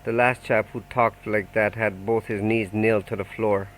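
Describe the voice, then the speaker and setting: A man's voice: on the low side, flat delivery, moderate pace, a little hiss or hum, close to an everyday voice, rough recording. A man voicing a menacing male debt collector for a crime gang in an audiobook, making threats in a mock-friendly, taunting way. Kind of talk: audiobook character voice.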